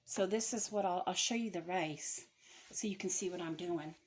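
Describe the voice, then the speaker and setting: Cooking in her kitchen for her channel, a middle-aged woman keeps up a homespun, chatty patter and pokes fun at herself between steps. Her voice is lowish and moderately paced, the recording is rough, and food sizzles faintly in a pan.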